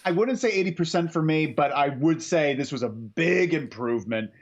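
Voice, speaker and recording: A man's voice: on the high side, animated, normal speed, lo-fi sound. A man co-hosting a wrestling podcast, chatting casually in an upbeat, joking way and plugging the show. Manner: upbeat, jokey, plugs the show. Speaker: podcast co-host. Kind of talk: casual post-show chat.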